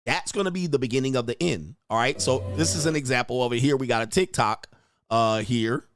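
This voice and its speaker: A man's voice: mid-range voice, a little fast, faint music behind. Blunt crude-talking male streamer. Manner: blunt, crude, repeats himself, mimics reactions. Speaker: host. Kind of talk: commentary on video clips.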